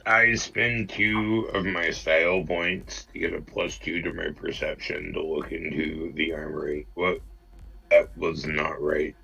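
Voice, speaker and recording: A man speaks casually as a player at a tabletop game. His voice is very deep and strongly gravelly, yet sharp. The recording sounds dull and lo-fi. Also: flat delivery, measured pace, soft background music.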